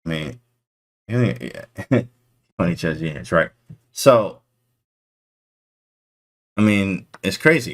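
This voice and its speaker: A man reviewing his own chess game in an excitable casual way, full of slang, repeated phrases and sudden exclamations. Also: lowish voice.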